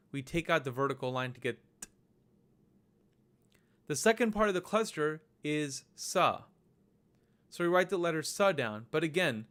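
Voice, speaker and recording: A man narrating a recorded lesson over slides, explaining each step slowly and patiently. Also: a little high, a bit bright. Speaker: language teacher.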